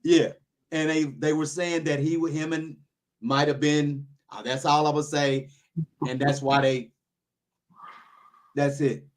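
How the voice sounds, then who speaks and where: A man's voice: a little high, steady tone, slow, pauses often. Rambling opinionated man chatting casually. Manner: rambling, restarts often, opinionated. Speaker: YouTuber, podcast host.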